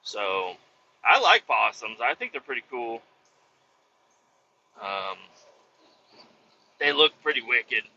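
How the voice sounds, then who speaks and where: A man's voice: medium pitch, slow pace, creaky, long pauses, muffled recording. A man from Kansas, a truck driver, telling profane, rambling stories from his cab while driving and acting out the voices of people he quotes. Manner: profane, animated, acts out quotes. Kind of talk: casual rambling storytelling.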